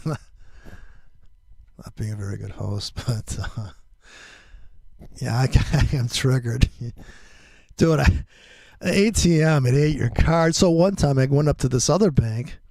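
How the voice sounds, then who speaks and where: A man's voice: mid-range voice, animated, slow, creaky, pauses often, darkish tone, dry recording, clean studio sound. A middle-aged man hosting a trading livestream, ranting in casual, heavily profane chat.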